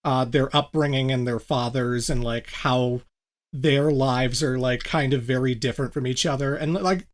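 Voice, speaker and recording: A woman co-hosting a podcast in casual chat, retelling scenes with animated energy and laughing as she goes. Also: rumbling low, moderate pace. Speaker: podcast co-host.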